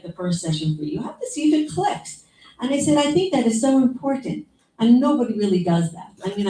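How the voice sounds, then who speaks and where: A woman speaks informal memorial remarks in a mellow, darker voice. She rambles conversationally, with asides and quoted lines. She is heard from a distance in an echoey room. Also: medium pitch. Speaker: younger sister giving memorial remarks.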